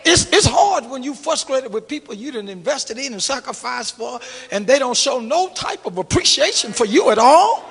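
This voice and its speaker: A middle-aged man preaching a sermon to his congregation, swinging from hushed asides to shouted exclamations and calling out to the crowd. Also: very high-pitched, gravelly, husky. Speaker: pastor. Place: church sanctuary. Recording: long reverb of a large church hall.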